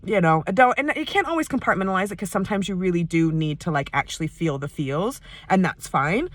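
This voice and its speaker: An American woman rambles candidly through a personal vlog from the seat of her parked car. Her voice sits a little low. The sound is close and dry, with no room echo. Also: lively intonation, fast talker, a bit bright. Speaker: vlogger.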